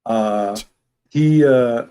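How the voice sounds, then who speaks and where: A man from Brooklyn with a New York accent, a guest in a casual interview who rambles warmly and animatedly. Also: medium pitch, extremely slow, smooth, poor audio. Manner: rambling, animated, talks with his hands.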